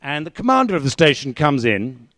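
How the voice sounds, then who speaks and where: A man's voice: on the high side, big pitch swings, fairly quick, a bit bright, no room sound. A man telling a story on stage, with wry, dry humor. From England. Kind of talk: live storytelling performance.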